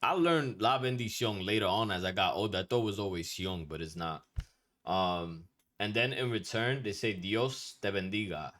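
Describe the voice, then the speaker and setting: Male teacher with a deep voice, loose and slangy, blunt, swears now and then, casual lesson delivery. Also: normal speed, a bit bright. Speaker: Spanish culture teacher.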